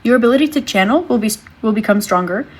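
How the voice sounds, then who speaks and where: A woman giving a tarot reading to her viewers, speaking in a gentle, reassuring way and thinking aloud as she draws cards. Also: fairly high pitch, lively intonation, fast, husky. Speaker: tarot reader.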